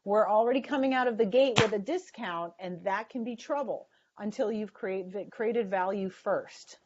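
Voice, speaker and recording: A woman's voice: medium pitch, normal speed, background noise. A woman leading a sales training webinar, stressing words in an emphatic coaching tone. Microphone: video call. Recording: dull lo-fi webinar audio.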